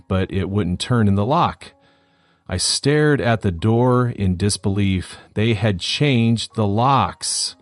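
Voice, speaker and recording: A man with a fairly low voice narrates a scripted first-person story. His delivery is steady and matter-of-fact. The sound is dry and close, with faint music underneath. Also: dry recording.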